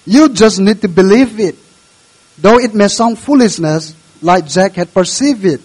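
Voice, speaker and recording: A male pastor delivers a sermon in an earnest, measured way, exhorting the congregation. His voice sits high for a man. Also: lively intonation, darkish tone, slightly rough, rough recording.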